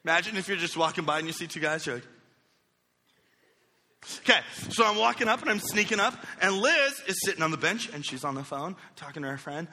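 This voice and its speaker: A man's voice: on the high side, expressive, a little fast, sharp tone. A man in his thirties telling a goofy, self-deprecating story as a youth pastor, in a church hall. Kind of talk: storytelling sermon. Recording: echoey hall.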